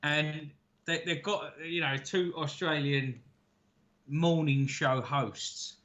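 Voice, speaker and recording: A man with a bright, forward voice is chatting casually over beers. He tells stories in an easygoing, meandering way, swearing freely. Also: fairly high pitch, steady tone, slow pace, highs cut off. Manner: laid-back storytelling, swears freely. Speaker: co-host.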